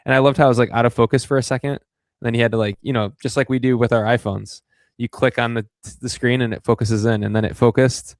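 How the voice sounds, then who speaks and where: A man hosting a podcast, talking in a relaxed, chatty way. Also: medium pitch, fast, no echo, studio quality. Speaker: podcast host. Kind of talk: casual podcast chat.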